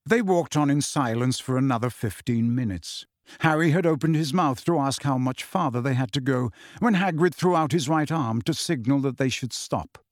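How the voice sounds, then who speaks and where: A man narrating an audiobook in a steady, measured storytelling voice, recorded on a close studio mic. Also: medium pitch, no room sound.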